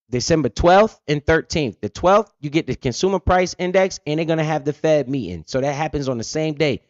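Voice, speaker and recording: A man's voice: a little high, dry recording. Blunt, profane man on a stream. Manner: profane, blunt, fired-up, asks and answers his own questions. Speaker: finance livestream host. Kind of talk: casual explanatory livestream talk. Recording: dull lo-fi stream audio.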